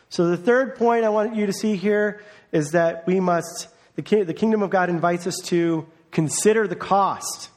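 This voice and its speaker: A man's voice: on the high side, steady tone, moderate pace, darkish tone. A man, a parent, preaching a conversational sermon as a pastor, acting out the voices he quotes. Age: adult, parent of a young child.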